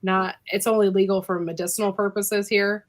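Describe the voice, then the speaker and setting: A woman from the United States in a casual group chat, talking in an animated way and laughing often. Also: medium pitch, fairly quick.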